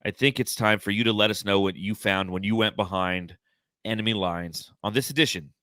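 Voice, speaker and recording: Bright-voiced, blunt ranting male podcaster. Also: lowish voice, a little fast, no echo, clean studio sound. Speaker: podcast co-host. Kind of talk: casual sports chat.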